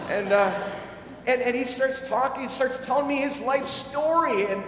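A man's voice: very high voice, unhurried, fairly bright tone, a little hiss or hum. A male pastor preaching a sermon, telling a story in a conversational way with many restarts. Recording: echoey hall with faint ambience.

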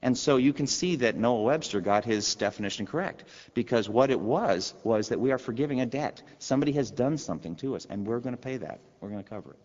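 A man's voice: mid-range voice, animated, fast talker, few pauses, a little mellow, in a large hall, dull audio. A pastor preaching a sermon in a conversational way, asking his listeners rhetorical questions.

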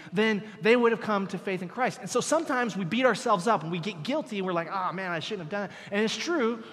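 A man preaching a sermon as pastor, speaking animatedly to his church and at times dropping to a hushed, intense tone. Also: high voice, big-room sound.

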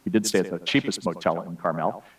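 A man's voice: low voice, fast, distant mic, low-quality recording. A man giving a sermon, telling humorous, self-deprecating personal stories. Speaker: speaker giving a message.

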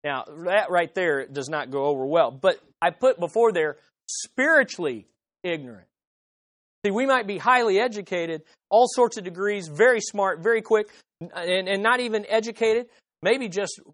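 A preacher in full sermon mode, pressing each point by repeating key phrases and putting rhetorical questions to the listeners. The pitch sits in a middle range. The sound is dry and close, with no room echo.

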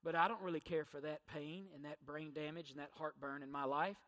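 A man's voice: on the high side, steady tone, brisk, a bit bright. A middle-aged man preaching a sermon, using emphatic rhetorical questions and repetition. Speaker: pastor. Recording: church hall reverb.

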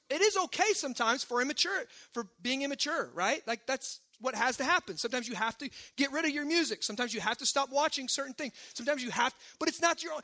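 A pastor delivering a sermon in a high, strikingly bright voice. He preaches conversationally and with emphasis, tossing quick asides to his listeners.

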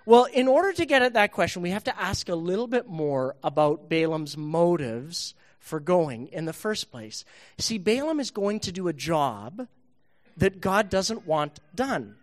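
Animated man telling a children's sermon. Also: high voice, unhurried. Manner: animated, playful storytelling. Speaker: pastor.

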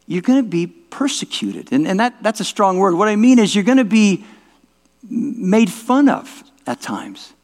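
A man's voice: sits high, a little mellow. A male pastor giving an informal, conversational sermon, often restarting words and asking the audience whether it makes sense. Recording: long reverb of a large hall.

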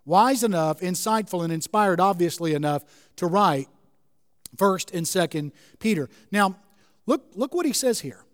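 High-voiced preacher in a reverberant hall. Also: male voice, animated, unhurried. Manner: earnest, explains scripture verse by verse. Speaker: pastor. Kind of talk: sermon.

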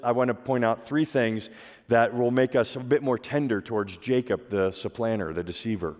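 A man preaching a sermon, retelling a story conversationally and asking his listeners rhetorical questions. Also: mid-range voice. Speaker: pastor. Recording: long reverb of a large hall.

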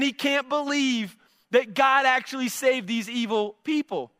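A man's voice: extremely high pitch, a little slow, clear, resonant tone, dry recording, studio quality, long reverb tail. A man preaching a sermon, reading scripture and then explaining it, acting out an angry voice in quoted lines. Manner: animated, acts out Jonah's angry voice. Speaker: pastor.

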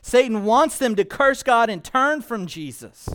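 A man preaching a sermon as pastor, joking and playful, swinging between hushed and loud, emphatic delivery. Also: very high-pitched, lively intonation, unhurried, smooth.

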